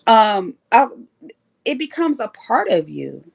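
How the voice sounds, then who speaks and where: A woman hosts a live stream in casual chat, talking with animated emphasis. Her voice sits somewhat high with a gravelly rasp. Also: slow pace. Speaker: livestream host sharing recovery story.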